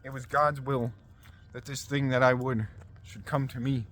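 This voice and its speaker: A man's voice: mid-range voice, level tone, moderate pace, a bit bright, slight background noise, natural voice, poor audio. A man reading the part of an anxious younger son in a scripture reading, plain and cautious.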